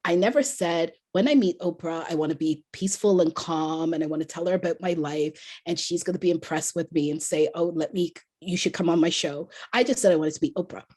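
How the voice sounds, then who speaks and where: A woman author and motivational speaker telling a story as a podcast guest, animated and laughing often. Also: lowish voice, brisk, hardly any pauses, slightly rough.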